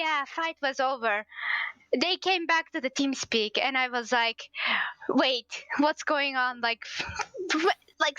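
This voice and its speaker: Woman, stream co-host, lively storyteller who acts out the quotes, high bright tone. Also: dry recording, muffled recording. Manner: animated, acts out shouted quotes. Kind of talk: excited casual storytelling.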